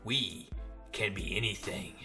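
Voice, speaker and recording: Man reading a remorseful symbiote, quiet and subdued, in a comic recap. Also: on the low side, a little slow, creaky, faint music behind, voice pushed down, heavily acted. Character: remorseful male alien symbiote, weakened.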